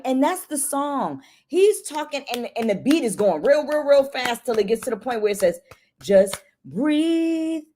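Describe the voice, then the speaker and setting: A woman talks to caretakers about self-care in a casual, motivational way, her pitch swinging up and down as she goes. She is chatty and emphatic and sits mid-range in pitch. She leans on rhetorical questions and repeats words to drive her points home.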